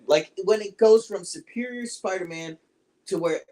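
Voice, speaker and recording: A podcast co-host chatting casually about movies, animated and acting out quotes. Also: normal speed. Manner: animated, acts out quotes with big pitch jumps.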